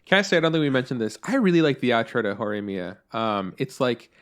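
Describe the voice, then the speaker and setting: A man's voice: mid-range voice, very animated, fast talker, fairly bright tone, clean tone. A man co-hosting an anime podcast in casual chat, rambling with lots of fillers and swearing. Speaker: podcast co-host.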